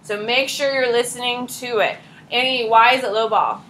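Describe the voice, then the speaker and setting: A woman's voice: fairly high pitch, normal speed, slight background noise, low-quality recording. A woman in her thirties, a teacher giving a chatty classroom lecture and quizzing her students. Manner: lively, chatty, asks the class questions.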